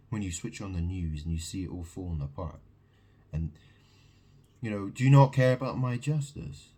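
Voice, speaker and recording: A man's voice: deep voice, normal speed, warm tone, slightly rough. A man delivering a rambling, agitated monologue to camera, preaching and repeating questions at the listener. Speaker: video monologue host.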